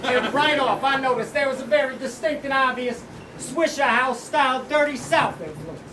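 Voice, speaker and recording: Battle rapper from Texas, man, high voice, taunting and profane, roomy hall with crowd noise. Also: animated. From Houston, Texas. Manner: taunting, profane, deliberate delivery. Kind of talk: rap battle verse. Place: live battle venue in front of a crowd. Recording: roomy venue, distant mic, loud crowd.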